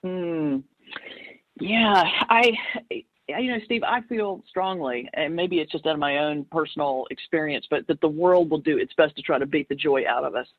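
A woman who is a minister and comedian, telling a story in an interview in a playful, animated way. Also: low-pitched, normal speed, no echo. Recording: dry, slightly muffled remote audio.

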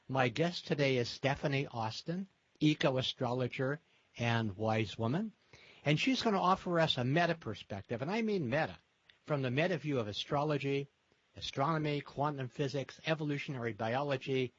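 A man's voice: medium pitch, breathy edge, no room sound. A man hosting an interview show, chatty and storytelling, with a few fillers. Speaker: host. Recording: dry muffled lo-fi sound.

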